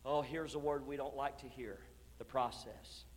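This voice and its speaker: A pastor preaching an impassioned sermon in a church, moving from hushed, drawn-out lines to shouted declarations. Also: male voice, mid-range voice, fairly even intonation, a little hiss or hum. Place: church sanctuary. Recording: long reverb of a church hall.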